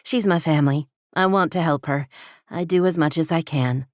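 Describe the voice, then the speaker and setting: Candid young woman read by a woman narrator, earnest and teasing, low-pitched, dry close voice. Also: normal speed, no echo, natural voice. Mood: confiding.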